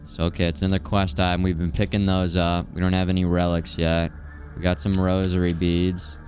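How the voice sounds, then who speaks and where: A man from Missouri streaming a video game live, chatting in a relaxed, playful way with viewers. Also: sits low, brisk, soft background music. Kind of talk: casual live gameplay commentary.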